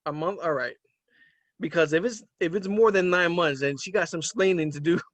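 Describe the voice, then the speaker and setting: Man, casual co-host, a bit high-pitched, dry close sound, opinionated and animated. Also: a little fast, no room sound. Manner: animated, laughs often, trails off with "um". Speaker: podcast co-host. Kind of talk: casual movie review chat.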